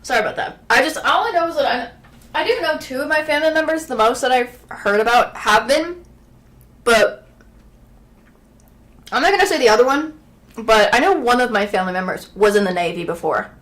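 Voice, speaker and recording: A woman streaming a casual chat from home, rambling along with fillers and restarts and clearing her throat now and then. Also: fairly high pitch, expressive, a little fast, pauses often, fairly bright tone. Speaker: live streamer.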